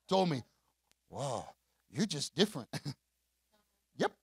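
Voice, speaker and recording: A man preaching a rousing call-and-response sermon as pastor, rising to shouts. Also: fairly high pitch, sing-song, unhurried, gravelly, pauses often, husky.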